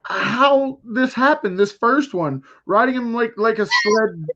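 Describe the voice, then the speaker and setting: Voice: medium pitch, slow, fairly bright tone, dull audio. An enthusiastic interview show host chatting with a guest and speaking to the viewers. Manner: enthusiastic, addresses the viewers directly. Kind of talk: casual interview hosting.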